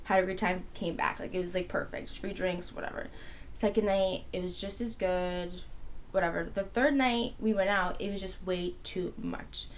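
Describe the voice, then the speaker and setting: A young adult woman co-hosting a podcast, telling a long story in casual chat, rambling and animated with constant "like" fillers. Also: lowish voice, moderate pace, a little hiss or hum. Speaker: podcast co-host.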